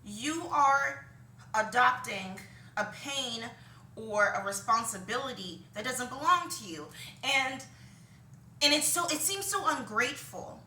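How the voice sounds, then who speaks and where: Slightly high and expressive, this woman's voice runs a little slow with a bright, forceful tone and slight background noise. Vlogging casually from home with laundry in the background, she meanders through her opinions, using many ums and short self-directed laughs, in a roomy, distant-mic recording.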